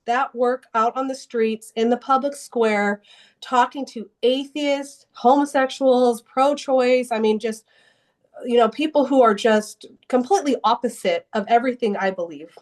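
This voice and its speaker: A young woman speaks as an interview guest, recounting a turning point in her faith. Her voice sits a little high, and she talks earnestly, often restarting her sentences as the emotion catches up with her. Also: a little slow, darkish tone. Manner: earnest and emotional, with many restarts and bursts of laughter. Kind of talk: personal testimony in an interview.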